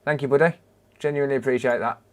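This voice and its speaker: A British man in a relaxed live stream, talking at an ordinary middle pitch. He chats loosely while he works, stopping to greet and thank viewers one by one. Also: very fast. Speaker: repair livestreamer. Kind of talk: casual live stream chat.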